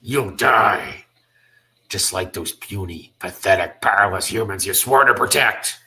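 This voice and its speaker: A man voicing a brutal male mutant brute in a comic read-through, shouting gloating threats. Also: on the low side, measured pace.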